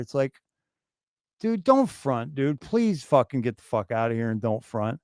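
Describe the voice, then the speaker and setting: A man's voice: mid-range voice, very animated, unhurried, darkish tone, no echo, studio quality. A man co-hosting a casual crypto livestream, ranting profanely and animatedly, often slipping into mocking impressions of others. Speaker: co-host. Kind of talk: casual crypto stream chat.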